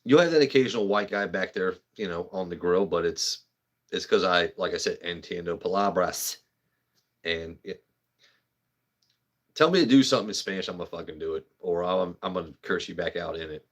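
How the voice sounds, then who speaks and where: A man's voice: low-pitched, fairly quick. A man hosting a casual livestream, chatting loosely, swearing and joking with viewers by name. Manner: profane, joking, talks to chat by name. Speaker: livestream host. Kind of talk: casual rambling livestream chat.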